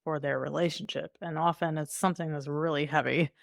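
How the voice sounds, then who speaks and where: A woman's voice: sits low, fairly even intonation, brisk, gravelly, dry recording, clean studio sound. A woman coaching as a podcast guest, breezy and candid, laughing often and slipping into playful voices. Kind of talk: conversational podcast interview.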